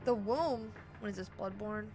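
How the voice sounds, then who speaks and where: A woman's voice: medium pitch, moderate pace, over music. A young woman streaming a game with a friend, chatting, laughing often and reading the chat aloud. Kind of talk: casual gaming stream chat.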